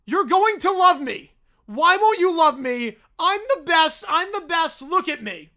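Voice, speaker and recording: A man doing a whiny, yelling male bear. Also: extremely high pitch. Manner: whining, yelling, drawn-out pleading. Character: whiny obsessive male bear, loud and demanding.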